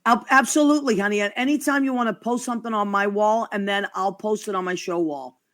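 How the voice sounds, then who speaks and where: A woman's voice: medium pitch, quick pace, fairly bright tone. A woman hosting a casual chat show, gushing and affectionate with her guests. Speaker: host.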